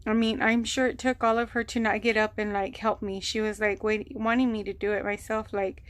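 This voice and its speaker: A woman telling a long personal story on her vlog, rambling and animated, acting out what people said. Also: mid-range voice, brisk, no room sound. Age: adult, mother of a grown son. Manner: rambling, animated retelling with quoted voices. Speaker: vlogger. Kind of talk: casual storytelling.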